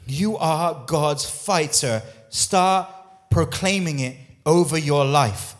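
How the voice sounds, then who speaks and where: A man's voice: a little high, slow pace. A man preaching a sermon as lead pastor, emphatic, repeating phrases and asking the congregation questions. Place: church.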